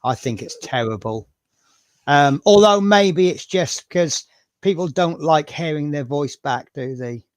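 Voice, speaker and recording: A man from Norfolk, England, hosts a casual live stream, chatting, rambling, and putting himself down with his Norfolk accent. His voice is fairly high with lively intonation, a little slow, and recorded without echo.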